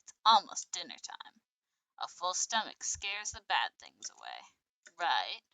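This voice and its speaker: A woman voicing a caring older sibling bird who speaks in a gentle, reassuring way. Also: lowish voice, wildly swooping pitch, measured pace, vocal fry, dry recording, full character voice, rough recording.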